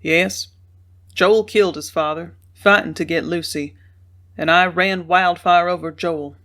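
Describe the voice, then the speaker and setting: A woman's voice: on the low side, fairly even intonation, a little slow, a bit bright. A woman doing a weary, stern young rider. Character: weary, tight-lipped young male rider.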